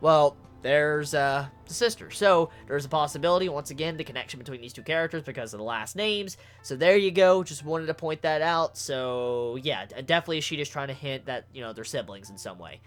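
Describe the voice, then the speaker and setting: A manga reviewer giving casual video commentary, ranting excitably with lots of swearing and stuttered repeats. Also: medium pitch, a little fast, few pauses, faint music behind.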